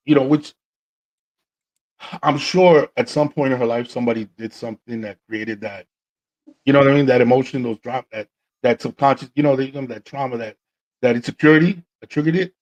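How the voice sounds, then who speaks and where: A man hosting a podcast, telling stories in a casual, slangy, animated way and acting out what people said. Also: medium pitch, fairly quick. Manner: animated, slangy, acts out quotes. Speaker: podcast host. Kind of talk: casual storytelling chat.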